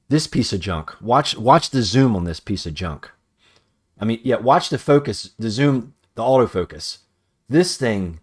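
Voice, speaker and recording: Brief: man, lower register, crude and rambling hobby streamer, dry close sound. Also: dry recording. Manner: profane, rambling, restarts sentences often. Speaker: hobbyist streamer painting action figures. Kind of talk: casual live-stream chat.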